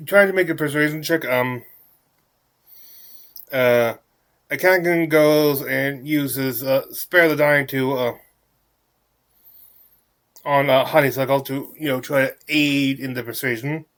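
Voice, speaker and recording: A man narrating and explaining a tabletop game recap, a bit halting. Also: medium pitch, steady tone, fairly bright tone. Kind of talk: recap commentary.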